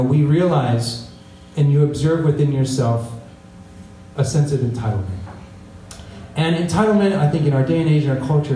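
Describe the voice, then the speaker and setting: A pastor gives a conversational sermon, frequently checking in with the congregation by asking "right?" His voice is a little high and mellow, heard from a distance in an echoey room with slight hiss or hum.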